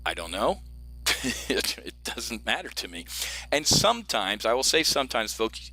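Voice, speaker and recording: Man, middle-aged, options trading coach, brash, jokey, bright forceful voice, home screen-share lesson. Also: mid-range voice, dry recording. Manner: brash, jokey, talks straight to viewers as folks. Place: home office.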